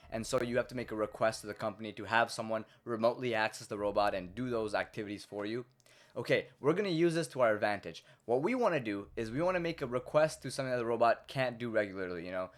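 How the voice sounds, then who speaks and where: A man's voice: medium pitch, animated, fast talker. A young man, a YouTuber, delivering a crude, rambling comedic monologue full of stumbling repetitions.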